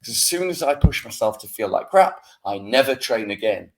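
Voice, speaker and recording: A man's voice: medium pitch, brisk, slight background noise. A man with a British accent co-hosting a podcast, ranting in a casual, self-mocking way. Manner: animated, swearing, self-mocking rant. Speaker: podcast co-host.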